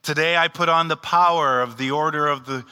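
Pastor guy with a bright ringing voice, calm and unhurried, big church reverb. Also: a little high, clear, resonant tone. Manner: calm, unhurried, leads a recited prayer. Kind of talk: sermon with led prayer. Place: church hall. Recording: long hall reverb.

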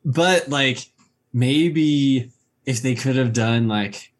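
A man's voice: medium pitch, drawn-out words. Hesitant man full of "like"s. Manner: hesitant, many fillers like "like" and "um". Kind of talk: casual film discussion.

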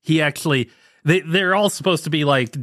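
A man's voice: on the high side, fairly quick, fairly bright tone, no echo, studio quality. A man co-hosting a podcast, chatting casually and laughing often as he recounts scenes. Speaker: podcast co-host. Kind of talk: casual chat.

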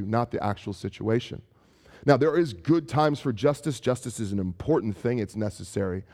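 A man's voice: medium pitch, moderate pace. A man preaching a conversational sermon, acting out quoted voices and putting questions to his listeners, with frequent restarts. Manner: animated, acts out quoted voices and asks the audience questions; frequent restarts and casual fillers. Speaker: pastor.

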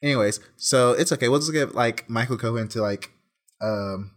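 A man's voice: medium pitch, normal speed. A man co-hosting a comedy podcast, joking and rambling casually with lots of fillers. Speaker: podcast co-host.

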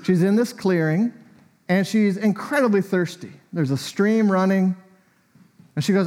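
A man's voice: sits high, a little slow, darkish tone. A man preaching a sermon in a conversational, storytelling way, often with a light chuckle.

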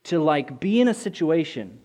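A young man with a slightly high voice tells a personal story at normal speed, candid and rambling, with plenty of restarts and fillers. He sounds earnest, growing excited whenever he quotes someone.

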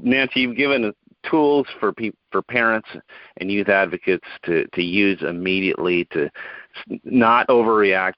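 A man's voice: lowish voice, no room sound, highs cut off. A man hosting a podcast interview, thanking his guest and asking follow-up questions with encouraging words. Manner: warm, encouraging interviewer with brief backchannels. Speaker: podcast host. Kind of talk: interview conversation.

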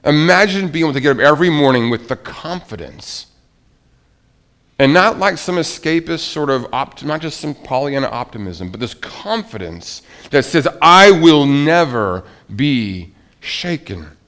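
A man preaching a sermon to a congregation, swinging between soft, hushed lines and loud, emphatic ones. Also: on the high side, expressive, normal speed. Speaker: pastor.

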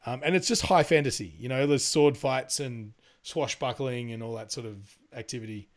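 A man's voice: mid-range voice, normal speed. A man in casual podcast chat, rambling with lots of fillers, laughing and swearing as he talks. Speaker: podcast co-host.

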